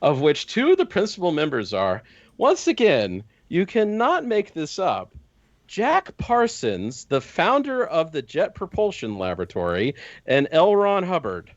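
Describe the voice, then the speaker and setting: A podcast guest man tells wild history in a casual, incredulous chat, swearing freely. His pitch leaps up and down as he talks. The audio is dull and lo-fi. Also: huge pitch swings, a little slow. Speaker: podcast guest discussing tabletop game lore.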